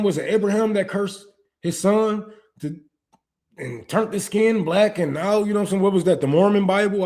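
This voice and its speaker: A man hosting a political commentary stream, ranting with profanity and rhetorical questions. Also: high-pitched. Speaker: podcast host.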